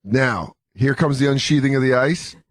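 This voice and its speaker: A man co-hosting a talk radio show in casual banter, with wry, deadpan quips and mock quotes. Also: medium pitch, moderate pace, very noisy. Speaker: radio co-host.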